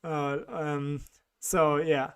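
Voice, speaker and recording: A man's voice: a little high, little pitch movement, extremely slow, clear, resonant tone. A man with a strong German accent hosting a casual livestream, reading chat questions aloud and answering them with fillers and small laughs.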